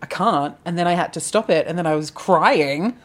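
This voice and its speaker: A woman's voice: lowish voice, brisk. A woman co-hosting a podcast, talking candidly and chattily, full of "like". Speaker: podcast co-host. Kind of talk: casual chat.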